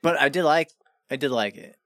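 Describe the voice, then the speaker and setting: A man's voice: a little high, brisk, a bit bright, no room sound. A man co-hosting a movie news podcast in a studio, chatting easily with short reactions and casual remarks. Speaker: podcast co-host. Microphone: studio mic.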